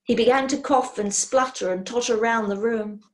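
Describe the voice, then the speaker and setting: A woman reading a children's storybook aloud in an expressive way. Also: a little high. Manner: slow, expressive.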